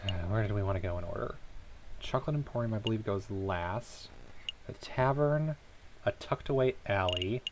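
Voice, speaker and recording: A man's voice: lowish voice, moderate pace, slight background noise. A man casually commenting on his gameplay, muttering asides to himself and trailing into whispers. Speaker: let's play host.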